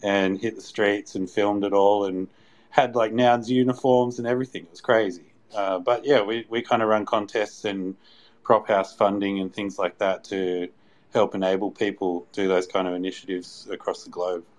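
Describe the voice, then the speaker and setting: Man, co-host, low voice, relaxed, explaining, casual chat. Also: normal speed.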